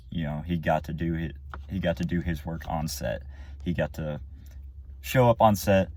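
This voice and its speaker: Low, dark-voiced man rambling a movie review. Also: no room sound. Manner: rambling, with many fillers and restarts. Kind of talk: casual spoken review. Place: car or room after the movie.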